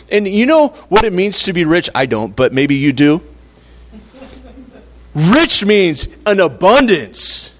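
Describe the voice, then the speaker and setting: A man's voice: on the high side, sing-song, a little slow. A man preaching a sermon in a conversational, playful way, acting out little quotes to make his point. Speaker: pastor.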